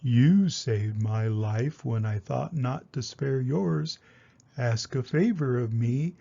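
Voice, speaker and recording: An older man reading aloud and voicing a big male wolf who groans slowly about his aching stomach. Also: gravelly, dark tone, dull audio. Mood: solemn. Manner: low, groaning, slow.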